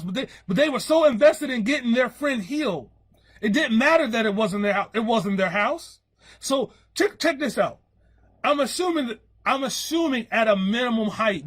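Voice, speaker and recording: A man's voice: extremely high pitch, a bit bright, husky. A man preaching a sermon in an emphatic, repetitive style.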